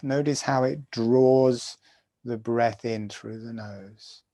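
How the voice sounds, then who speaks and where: Slow, gravelly-voiced man guiding breathing. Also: mid-range voice. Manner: slow, soft-spoken, calm guidance. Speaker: breathwork teacher. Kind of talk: guided breathing instruction.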